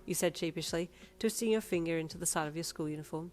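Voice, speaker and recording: A woman's voice: on the low side, fast, few pauses. Woman reading audio fanfiction over music. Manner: lively, expressive dialogue reading. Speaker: fanfiction narrator.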